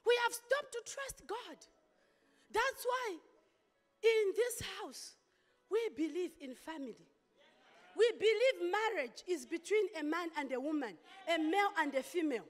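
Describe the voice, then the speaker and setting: A woman pastor delivering an impassioned sermon, with sudden loud outbursts. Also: extremely high pitch, animated, a little slow. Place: church hall. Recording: long hall reverb.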